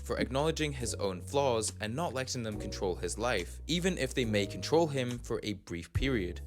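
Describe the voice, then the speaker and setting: A man reading scripted narration in a measured, analytical way. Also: mid-range voice, lively intonation, faint music behind. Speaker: video essay narrator.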